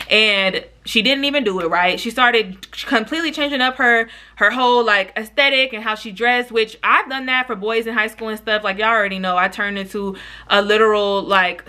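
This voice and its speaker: A young woman telling a storytime vlog in a casual, animated, frank way, full of slang and cursing, speaking straight to her viewers. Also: medium pitch. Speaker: YouTuber.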